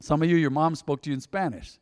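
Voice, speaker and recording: A man preaching a sermon in a church, conversational and joking, with big swings between quiet asides and loud emphasis. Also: fairly even intonation, fast talker, clean tone, dry recording, clean studio sound, in a large hall. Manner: conversational, joking, dynamic swings in pitch and loudness. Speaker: pastor.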